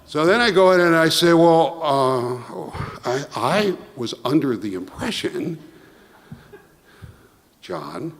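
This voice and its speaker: A middle-aged man giving an award toast, telling a lively anecdote and acting out quoted dialogue. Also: fairly high pitch, slow pace. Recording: long hall reverb.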